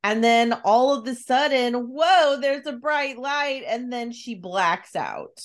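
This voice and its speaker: A woman's voice: fairly high pitch, slow pace. A woman co-hosting a casual podcast chat, retelling a book's plot with acted-out lines and frequent laughter. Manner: animated storyteller, acts out characters' lines, laughs often. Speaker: podcast co-host recapping a book.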